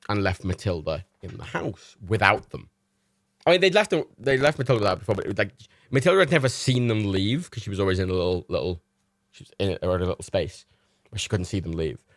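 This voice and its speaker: A man's voice: fairly low pitch, a bit bright, no echo, studio quality. A young man hosting a livestream, chatting in a casual storytelling way, laughing often and swearing casually. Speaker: livestream host.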